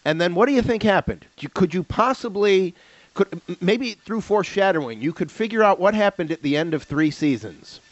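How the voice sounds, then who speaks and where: A man with a fairly high voice co-hosts a podcast, telling stories with animated energy and frequent laughter. The recording is dry and a little muffled. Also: brisk, no echo. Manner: animated storyteller, laughs often, repeats words. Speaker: podcast co-host. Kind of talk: casual chat about old TV shows.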